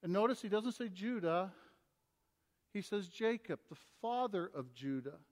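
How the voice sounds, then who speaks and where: High-voiced man preaching in a reverberant hall. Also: expressive, unhurried. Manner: preaching with big swings between loud emphasis and quiet asides. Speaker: pastor. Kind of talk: sermon.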